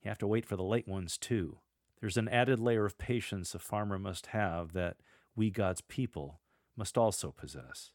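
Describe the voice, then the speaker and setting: Man, middle-aged, lector coach, low voice, dry close sound, measured, deliberate pauses. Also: a little mellow, no room sound. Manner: measured, demonstrates readings aloud with deliberate pauses. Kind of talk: instructional podcast on scripture reading.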